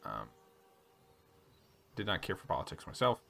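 A man hosting a relaxed let's play, reading story text aloud and chatting about his choices. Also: sits low, moderate pace, vocal fry. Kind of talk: casual gameplay commentary reading game text aloud.

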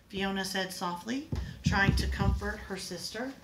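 A woman reading a picture book aloud in an expressive, dramatic way. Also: medium pitch, unhurried, slight background noise, low-quality recording.

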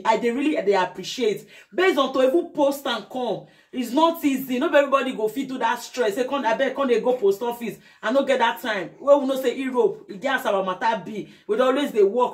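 A young woman with a Nigerian Pidgin English accent, chatting effusively in a casual unboxing vlog. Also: fairly high pitch. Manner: effusive, breaks into sing-song chants. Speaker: vlogger.

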